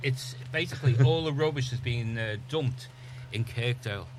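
A man's voice: mid-range voice, normal speed, slight background noise. Chatty man on radio. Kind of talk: casual radio discussion.

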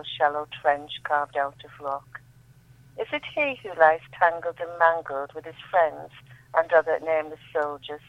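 A woman's voice: low voice, dry recording. Woman reciting poetry over a phone. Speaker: guest poet. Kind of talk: reading her own poetry aloud. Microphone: telephone. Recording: tinny dry phone line.

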